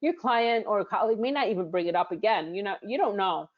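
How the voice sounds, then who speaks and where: A woman's voice: mid-range voice, expressive, fast, highs cut off. An American woman coaching business English in a screen-share lesson, explaining with frequent fillers and restarts. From United States.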